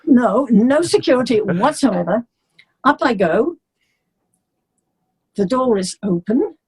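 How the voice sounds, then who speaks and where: Older english lady telling stories, bit husky, fairly high voice, acts out everyone. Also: slow pace. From England. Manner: animated storyteller, acts out the people she quotes. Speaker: interview guest, singer. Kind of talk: casual storytelling.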